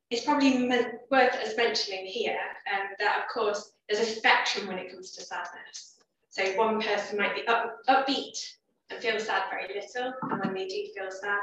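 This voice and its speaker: A woman with a medium-pitched, fairly bright voice gives a chatty teaching talk as a guest biblical counsellor at a church evening, full of asides and fillers. She's far from the mic in an echoey hall, so the sound is dull with a little hiss or hum.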